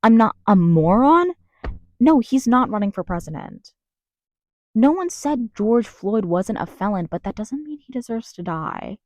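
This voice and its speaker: Filming a vlog in her closet, a young American woman rants furiously, cursing and rambling through many restarted sentences. She speaks a little slowly in a sing-song voice that sits on the high side with a darkish tone, and the recording is dry.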